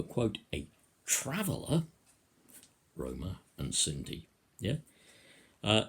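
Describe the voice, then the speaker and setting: An older man from the UK talking sarcastically and rambling to camera in a solo vlog, with sudden loud bursts. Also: low-pitched, gravelly, husky. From United Kingdom. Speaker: vlogger.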